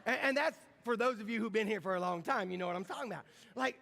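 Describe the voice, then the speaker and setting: Middle-aged man, high-pitched, chatty sermon delivery, church livestream with a long hall echo. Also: fast talker, creaky, a bit bright. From American Midwest. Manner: conversational, repeats words, asks the crowd questions. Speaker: pastor. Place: large church sanctuary.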